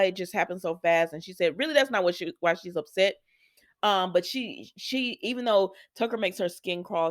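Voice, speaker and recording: A woman giving a casual, opinionated recap of a soap opera episode, chatty and full of fillers. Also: on the low side. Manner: chatty, opinionated, frequent fillers like um and you know.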